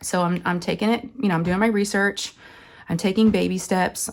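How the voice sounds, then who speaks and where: Crafting vlogger, woman, sick and hoarse, gravelly low voice, chatty and rambling, full of fillers. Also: fairly even intonation, a little fast. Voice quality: raspy, scratchy. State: hoarse from illness. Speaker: crafting channel host. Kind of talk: casual chat while diamond painting.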